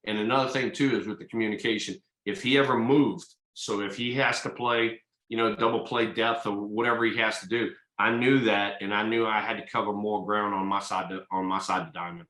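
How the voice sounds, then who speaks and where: A man's voice: fairly low pitch, fairly even intonation, fairly quick, few pauses, sharp tone, echoey room, rough recording. An older man, a retired ballplayer, answering interview questions in an easygoing, folksy way. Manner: easygoing, folksy, fillers like "you know". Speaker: retired baseball player, guest.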